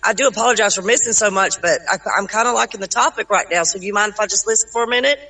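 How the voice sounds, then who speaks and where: Speaking fast in a bright, pushed mid-range voice, a Southern US woman chats casually in a voice chat, blunt and talkative, tossing out "y'all." The audio quality is poor.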